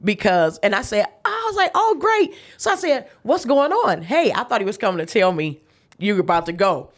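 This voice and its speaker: Speaking at medium pitch and normal speed with a sing-song lilt, a female guest chef shares a personal story in a casual interview. Her retelling is emphatic and faith-filled, full of laughter and acted-out voices of the people she quotes.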